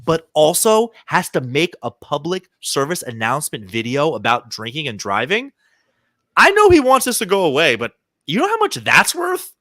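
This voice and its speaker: This podcast co-host speaks at a moderate pace in a fairly high-pitched male voice, recorded cleanly in a studio with no room echo. Casual and chatty, he tells stories in an animated way, voicing the people he quotes.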